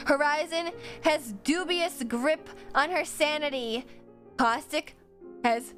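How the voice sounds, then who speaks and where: A woman's voice: high voice, a bit bright. A woman streamer chatting casually with her viewers while she draws, swearing freely and laughing often.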